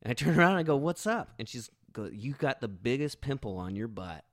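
In a casual storytelling monologue, a man hosting a podcast recounts something embarrassing, poking fun at himself as he rambles and keeps restarting. He speaks briskly in a mid-range, sing-song voice, and the audio is studio quality without echo.

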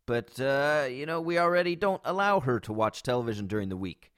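A man's voice: medium pitch, animated, fast talker, hardly any pauses, a bit bright, dry recording, studio quality. Rambling man hosting a podcast. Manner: rambling, frequent fillers and restarts, swearing. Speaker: podcast host. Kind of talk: casual podcast monologue. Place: backyard. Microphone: studio microphone with pop filter.

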